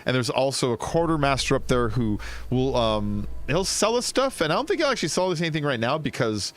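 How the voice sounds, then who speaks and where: A man's voice: mid-range voice, big pitch swings, a little fast. A man casually commenting on a video game as he plays, chatty and rambling. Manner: chatty and rambling, with frequent fillers and laughs. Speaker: gaming streamer. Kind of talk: casual let's-play commentary.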